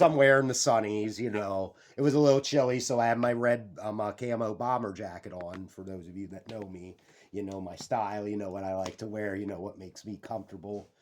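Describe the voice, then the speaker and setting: A young man hosting a casual vlog, rambling and excitable, swearing freely and jumping off on tangents. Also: fairly low pitch, a little hiss or hum. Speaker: YouTube channel host.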